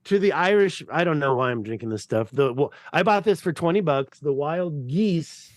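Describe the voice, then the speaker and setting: Excitable rambling man on a video call. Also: a little high, normal speed, no echo. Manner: rambling, excitable, swears casually. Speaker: podcast guest. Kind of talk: casual video-call chat.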